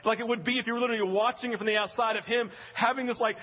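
Animated high-voiced male preacher. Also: racing, in a large hall, lo-fi sound. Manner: animated storytelling, acting out scenes. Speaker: pastor. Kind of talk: sermon.

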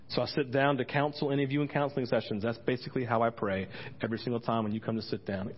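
A man's voice: medium pitch, steady tone, racing. A man preaching a sermon as a pastor and praying aloud, earnest and rambling, often breaking off mid-sentence to start again. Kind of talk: sermon with spoken prayer. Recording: dull lo-fi recording.

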